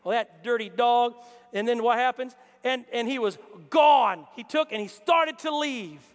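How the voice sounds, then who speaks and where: High-voiced man preaching in a reverberant hall. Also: unhurried. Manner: animated, acts out Bible characters in character voices. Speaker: pastor. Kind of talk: lively sermon. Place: church hall. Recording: long reverb of a church hall.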